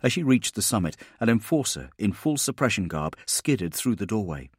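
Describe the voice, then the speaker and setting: A man giving steady, measured scripted narration of an audiobook. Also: fairly low pitch, slightly rough, no room sound, studio quality.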